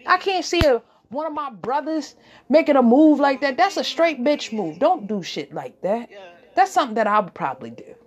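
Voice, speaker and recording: A woman giving blunt, profane, rambling commentary as she reacts to music, swinging from loud rants to low mumbles. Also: sing-song, moderate pace, highs cut off.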